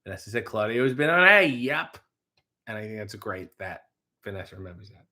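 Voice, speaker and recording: Casual streamer, male, reads chat with cursing asides; bright, forceful tone. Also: fairly low pitch, very animated. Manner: swearing, quick asides, reads comments aloud. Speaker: livestream host reading chat. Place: home kitchen.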